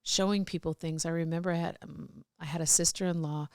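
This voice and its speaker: Woman, middle-aged, podcast guest, candid storytelling, low pitch, dry room. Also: fairly even intonation, fast, darkish tone, no echo. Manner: rambling, with restarts and laughs.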